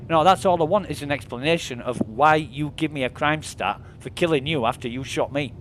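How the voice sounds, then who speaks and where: A man's voice: medium pitch, animated, fast, few pauses, a bit bright, a little hiss or hum. Exasperated swearing man streaming. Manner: exasperated, swearing, retells arguments in quoted voices. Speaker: livestreamer. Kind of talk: casual gaming livestream rant.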